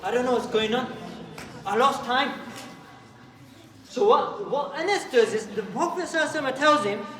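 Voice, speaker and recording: A man giving a storytelling talk to children, lively, asking them questions and acting out voices. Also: very high voice, fairly quick, pauses often. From England. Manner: lively, asks the kids questions, acts out voices. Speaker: youth speaker. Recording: echoey hall, far mic, faint background hum.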